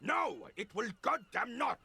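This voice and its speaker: An actor playing an irate old man who shouts indignant insults about his ruined game. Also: very high voice, big pitch swings, measured pace, husky, heavily acted. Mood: furious.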